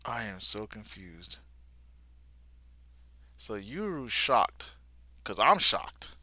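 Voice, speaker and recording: A man's voice: on the low side, very animated, drawn-out words, sharp tone, no room sound. A man giving a live reaction to a comic, retelling it in casual slang and sometimes sinking to a near-whisper. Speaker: vlogger reacting live to a manga.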